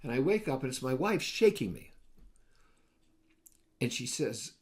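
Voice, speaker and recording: A man's voice: medium pitch, sing-song, measured pace, pauses often, a little mellow. A man hosting a short advice video, telling casual anecdotes with wry, joking asides. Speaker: host of a daily advice video series.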